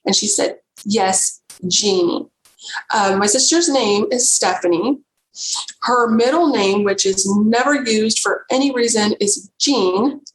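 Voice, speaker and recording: A woman guest on a podcast, telling a personal story in an earnest, emotional, halting way. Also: fairly high pitch. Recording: roomy echo with faint background noise.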